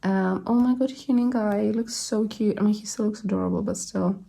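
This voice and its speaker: A woman's voice: mid-range voice, fairly quick, gravelly, mellow. A woman chatting casually as she unboxes and shows off her album collection, gushing and rambling with little laughs. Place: at home, living in London.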